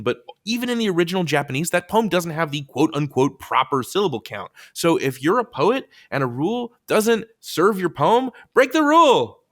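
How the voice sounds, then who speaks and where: Animated man explaining poetry playfully. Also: on the high side. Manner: playful, animated reading of verse. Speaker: co-host of a poetry lesson. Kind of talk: scripted educational banter.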